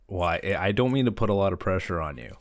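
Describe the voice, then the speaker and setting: A man co-hosting a casual podcast, bantering and teasing with quick jokes. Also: deep voice, lively intonation. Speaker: podcast co-host. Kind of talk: casual chat.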